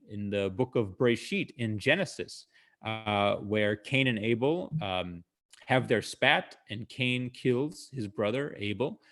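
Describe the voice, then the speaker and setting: Over a video call, a male comedian chats casually with an online audience, explaining his jokes conversationally and leaning on plenty of fillers. His voice sits at a medium pitch with a fairly bright tone.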